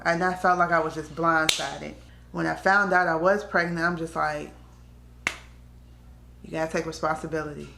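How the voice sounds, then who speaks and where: A woman shares her story in a frank, conversational way, her voice sitting on the low side. The sound bounces around the room with a noticeable echo. She talks casually to her audience like a friend. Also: moderate pace, vocal fry, a bit bright. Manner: candid, conversational, slips into quoted voices. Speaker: vlogger. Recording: echoey room.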